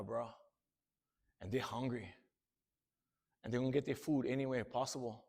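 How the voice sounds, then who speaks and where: A man telling his life story to students in a plain-spoken, earnest way. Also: mid-range voice. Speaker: motivational speaker. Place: school.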